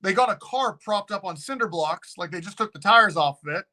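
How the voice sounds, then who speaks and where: A guest who owns a haunted location tells a story in casual, animated talk, swearing freely. His voice sits high and his pace is brisk.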